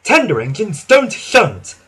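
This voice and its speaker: A man's voice: high voice, wildly swooping pitch, slow pace, fairly bright tone, husky, pitched above the performer's own voice, full character voice. A man voicing a proud, sulky big engine in a children's storybook, haughty and huffy.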